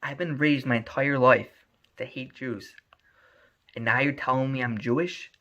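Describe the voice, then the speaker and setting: A man voicing a tearful young man, telling his past in a halting, earnest way, on a muffled lo-fi recording. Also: mid-range voice, steady tone, fairly bright tone, close to an everyday voice.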